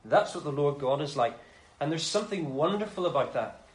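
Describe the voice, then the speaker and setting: A man's voice: a little high, animated, a little fast. A man preaching a sermon, reading scripture and paraphrasing God's voice in a casual, conversational way. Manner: expository, paraphrases God in casual first person. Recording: echoey room.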